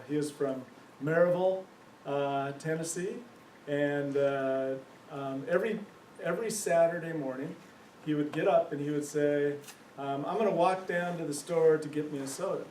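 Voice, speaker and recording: A man leading a church discussion group, thoughtful and searching, with many pauses and fillers. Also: on the high side, mellow, slight background noise. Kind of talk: church adult forum discussion. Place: church meeting room. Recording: echoey room mic from far off.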